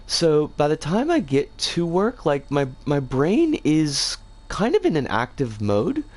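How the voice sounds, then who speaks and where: Slow, lively-pitched rambling streamer, scratchy voice. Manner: rambling, playful slang. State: rough, scratchy voice today. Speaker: game streamer. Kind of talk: casual livestream chat.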